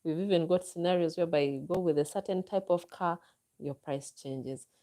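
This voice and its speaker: A Ugandan vlogger with a Ugandan accent answers viewers during a live chat, relaxed and offering advice. Her voice is a little low, soft and mellow, and she speaks at an easy, unhurried pace.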